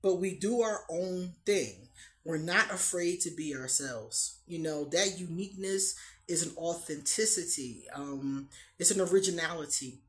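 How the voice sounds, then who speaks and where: A woman's voice: lowish voice, unhurried. A woman hosting an astrology talk channel, telling stories casually and laughing often. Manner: laughs often, animated storytelling. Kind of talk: casual chat to camera.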